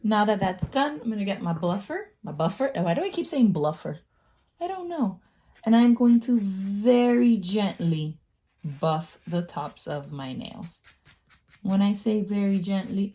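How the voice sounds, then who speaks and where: A woman talking through a casual nail-care tutorial, chatty and quick to laugh at herself. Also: medium pitch, mellow. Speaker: beauty vlogger.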